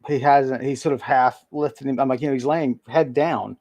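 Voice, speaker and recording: A man narrating a tabletop game as game master, halting and full of ums. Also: mid-range voice, steady tone, darkish tone.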